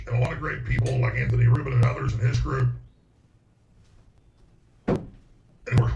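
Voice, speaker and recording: Gravelly, emphatic male talk host. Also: mid-range voice, darkish tone, slight background noise. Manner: emphatic, repeats words when worked up. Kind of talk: heated political talk. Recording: roomy, distant, dull sound with faint music.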